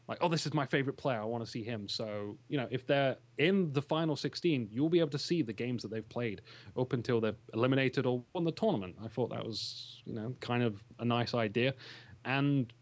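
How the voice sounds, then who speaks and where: A man's voice: medium pitch, dry recording. Man, casual interview guest, rambling, enthusiastic, dry muffled lo-fi sound. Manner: rambling, enthusiastic, laughs often. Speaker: interview guest, game shoutcaster.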